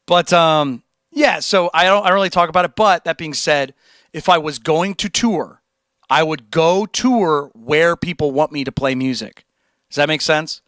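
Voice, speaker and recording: Laid-back young man streamer, bright voice. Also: fairly high pitch, moderate pace, no room sound. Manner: laid-back, rambling, says dude and like a lot. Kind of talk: casual livestream chat.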